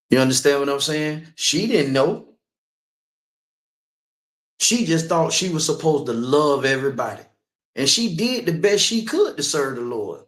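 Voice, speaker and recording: A man's voice: medium pitch, fairly bright tone. Man telling a testimony, echoey. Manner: conversational, keeps asking "you know what I'm saying". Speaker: speaker. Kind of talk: personal testimony sermon.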